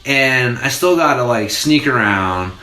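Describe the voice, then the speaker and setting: A man in his forties telling stories in casual podcast chat, animated and laughing, with free swearing. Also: medium pitch, measured pace, echoey room. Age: 40s. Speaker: podcast host.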